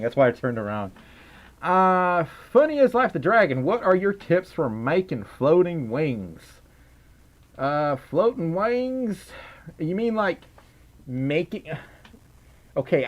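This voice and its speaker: A young man casually chatting on a livestream and reading out donations in a rambling, giggly way. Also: on the high side. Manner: rambling, giggly, easily distracted. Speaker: streamer.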